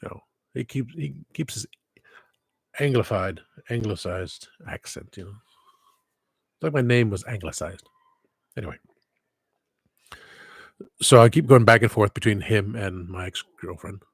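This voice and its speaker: A man's voice: lowish voice, a little slow, gravelly, long pauses, slightly rough, no echo. A man rambling through a casual livestream, wandering off topic, cutting himself off, adding wistful asides. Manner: meandering, self-interrupting, wistful asides. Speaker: livestream host. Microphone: headset.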